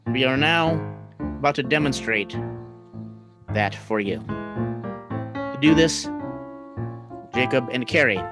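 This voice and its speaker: A man's voice: medium pitch, lively intonation, normal speed, long pauses. A man hosting an online comedy show from his home. He announces pompously and theatrically, as if presenting a grand discovery. Music plays behind him on the call. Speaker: host. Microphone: video call.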